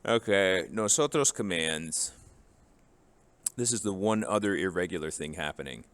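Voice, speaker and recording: A Spanish teacher with a very low, deep voice leads a grammar lesson at a moderate pace, recorded with no room sound. He's casual and jokey, stepping through forms one at a time in a relaxed, explanatory tone throughout.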